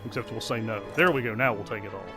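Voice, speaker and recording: A man's voice: fairly low pitch, quick pace, over music. A man casually commenting on his video game session, chatty and self-deprecating. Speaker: let's play host.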